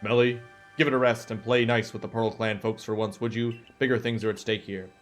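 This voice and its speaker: A man's voice: medium pitch, level tone, a little fast, faint music behind, pitched below the performer's own voice, natural voice. A man voicing a young male video game clan leader who scolds firmly and curtly.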